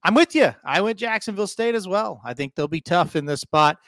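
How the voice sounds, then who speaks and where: High-voiced man hosting betting picks. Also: expressive, fairly quick, fairly bright tone, no room sound. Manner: breezy, leads the picks and asks for co-host's take. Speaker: sports betting podcast host. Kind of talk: casual sports betting chat.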